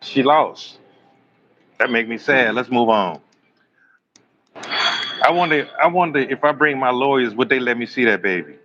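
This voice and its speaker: A man's voice: medium pitch, normal speed, bright, forceful tone, muffled recording. A man, preaching bluntly and swearing on a live stream, acting out both sides of arguments. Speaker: live-stream host and self-styled prophet.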